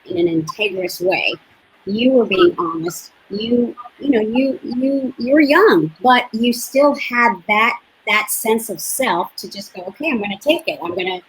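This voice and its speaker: A woman hosting a casual interview show, reflecting back on her guest's story in halting, searching phrases. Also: a little high, slight background noise, poor audio. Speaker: show host.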